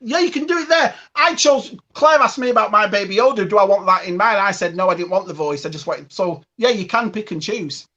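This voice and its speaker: A man's voice: sits high, lively intonation, brisk, few pauses, sharp tone, muffled recording. A man with a northern English accent, a guest host on a podcast, chatting eagerly and showing off collectibles. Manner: chatty, enthusiastic, shows items to camera. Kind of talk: casual podcast chat.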